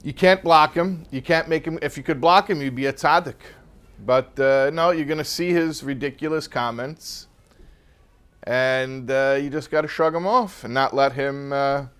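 A man's voice: fairly high pitch, a bit bright, clean tone. Casual joking male teacher. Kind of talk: religious text class.

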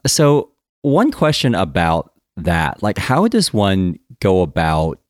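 A man's voice: deep voice, huge pitch swings, takes it slowly, no room sound, studio quality. An American man hosting an interview, asking friendly, curious questions. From United States. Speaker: interview host. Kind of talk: casual interview chat.

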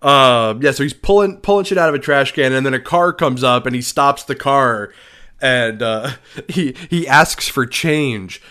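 A man's voice: mid-range voice, unhurried, sharp tone. A man co-hosting a casual movie review chat, easygoing and rambling, laughing often. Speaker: podcast co-host.

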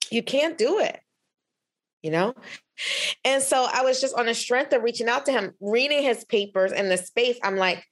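Woman podcast guest, candid and emphatic, voice a touch high, lots of restarts. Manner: expressive, emphatic, with frequent restarts. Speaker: podcast guest, physician researcher.

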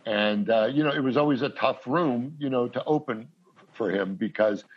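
A man telling a long, rambling anecdote as a guest, stopping and restarting his sentences as he goes. His voice is husky and a little breathy. The recording sounds dull and lo-fi. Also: mid-range voice, normal speed. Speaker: comedian guest. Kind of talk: casual storytelling.

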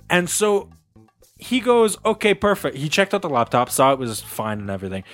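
A man's voice: medium pitch, sing-song, normal speed, a bit bright, faint music behind. A man hosting a casual podcast, telling a long story with laughs and acted-out quotes. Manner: rambling, laughing, acts out quotes. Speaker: podcast host.

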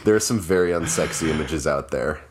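A man's voice: rumbling low, fairly quick, slight background noise. A man co-hosting a podcast in casual chat, teasing his co-hosts with dry humor. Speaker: podcast co-host.

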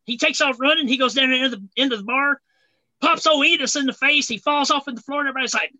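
A man co-hosting a casual chat, an animated storyteller who tells a long joke. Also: extremely high pitch, racing, no room sound, highs cut off.

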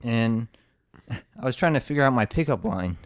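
A man's voice: mid-range voice, lively intonation, moderate pace, no echo, clean studio sound. A man telling rambling stories in casual podcast chat, laughing at his own jokes.

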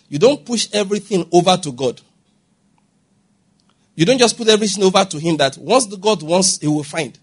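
Husky high-voiced preacher. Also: male voice. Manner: emphatic, asks the congregation questions often. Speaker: pastor. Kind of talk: sermon.

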